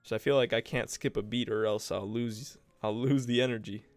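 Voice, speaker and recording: A man's voice: medium pitch, steady tone, fairly quick, soft background music. A young man hosting his own podcast, telling childhood stories in a rambling, profane, self-mocking way into a home mic. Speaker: podcast host. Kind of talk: casual rambling storytelling. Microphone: home desk mic.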